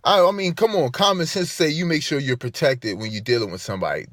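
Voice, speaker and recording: A man's voice: a little high, quick pace, a bit bright, dry recording, clean studio sound. A man delivering an emphatic, profane vlog rant, hammering his points by repeating them. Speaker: vlogger. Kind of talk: ranting monologue to camera.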